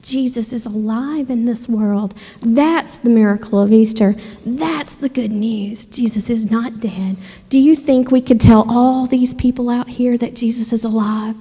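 A woman leading a children's sermon, animated and asking the kids questions. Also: fairly high pitch, measured pace. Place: church sanctuary. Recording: long church hall reverb.

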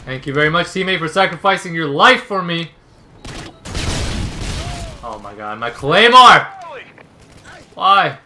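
A man giving live commentary on his own gameplay, ranting, yelling and sarcastically griping at teammates. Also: on the high side, lively intonation, measured pace, long pauses, slight background noise. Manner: raging, yelling outbursts at teammates.

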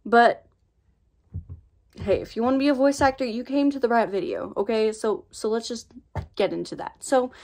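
Chatty, sassy American woman vlogging. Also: a little high. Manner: chatty, rambling, playful and a bit sassy. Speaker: voice acting tutorial host. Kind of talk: casual tutorial vlog. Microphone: own microphone.

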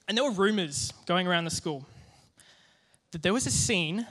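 Bright, high-voiced young man preaching. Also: fairly quick. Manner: lively, joking storyteller with asides. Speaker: youth group speaker. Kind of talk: youth sermon with personal storytelling.

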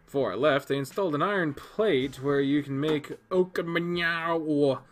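A man's voice: a little high, normal speed, soft background music. A man reading a game aloud and commenting casually, joking and swearing freely. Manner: profane, joking, reads all characters aloud. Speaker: video game player. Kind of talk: casual let's-play commentary.

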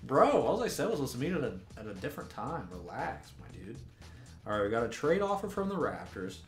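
A man tosses off wry, joking remarks while he plays through a basketball management game. His voice sits at an ordinary pitch and rings in a roomy, echoey space. Faint music plays underneath. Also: sing-song, brisk. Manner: sarcastic, joking banter. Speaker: gaming YouTuber. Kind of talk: casual gameplay commentary.

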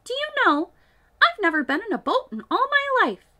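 A woman plays a timid young male mole from a storybook, his voice pitched up high and bright. He sounds eager and wide-eyed, full of wonder. The delivery is lively and animated. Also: moderate pace, full character voice. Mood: shy wonder.

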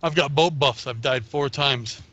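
A man's voice: mid-range voice, a little slow, pushed and bright, dry recording. A man co-hosting a gaming podcast, making playful quips while playing. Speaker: podcast co-host and player. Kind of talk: casual gaming banter. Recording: dull lo-fi podcast audio.

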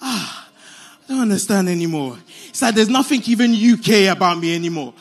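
Actor as put-upon husband, high, raspy and plaintive. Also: male voice, animated, a little fast, soft background music. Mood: lamenting. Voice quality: pleading, whiny. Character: weary overworked husband, hard-pressed and self-pitying. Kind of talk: stage drama acting.

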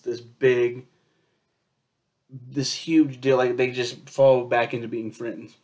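A man reviewing a superhero film in a loose, rambling way, swearing often and filling pauses with um and like. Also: medium pitch, fairly even intonation, darkish tone. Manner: rambling, profane, lots of fillers and quoted asides.

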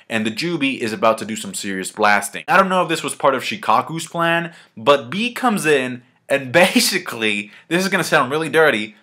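A man giving a casual manga review, excited and slangy, swearing freely and talking the chapter through. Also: medium pitch, brisk, hardly any pauses.

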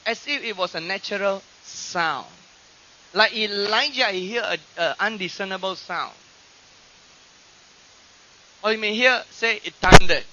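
Man, preacher, sermon, high voice, very bright, lo-fi archive recording. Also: a little hiss or hum. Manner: animated, acts out quoted voices. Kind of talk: sermon teaching.

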